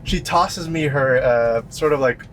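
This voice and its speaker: A man co-hosting a podcast recorded inside a car, telling a story about himself in a relaxed, self-deprecating way. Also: medium pitch, measured pace, a little hiss or hum. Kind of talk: casual chat.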